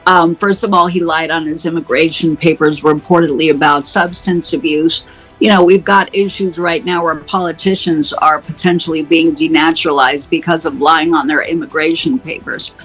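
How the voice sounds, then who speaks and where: A woman's voice: on the low side, breathy edge, poor audio. A woman from the United States giving blunt, indignant political commentary, with many fillers. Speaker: commentator guest.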